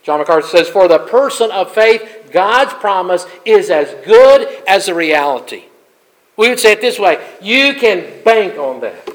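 High-voiced man preaching with swells. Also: poor audio. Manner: preaching with emphatic rising peaks and soft drops. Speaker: pastor. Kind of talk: sermon.

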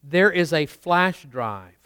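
A man delivering a sermon in a high, smooth, resonant voice. He swells into emphatic declarations and then drops low and quick for conversational asides. The sound is close and dry. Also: lively intonation, a bit bright, no room sound. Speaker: pastor.

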